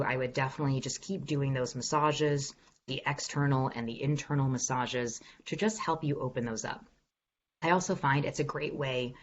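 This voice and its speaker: A woman voice coach leads an online workshop Q&A, upbeat and encouraging as she walks listeners through exercises. Her voice comes through a video call with a slightly muffled, lo-fi sound. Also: a bass voice. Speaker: executive voice coach.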